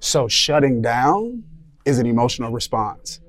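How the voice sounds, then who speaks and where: A man's voice: medium pitch, big pitch swings, unhurried. A man on a discussion panel, thinking aloud and searching for his words. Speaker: panel guest.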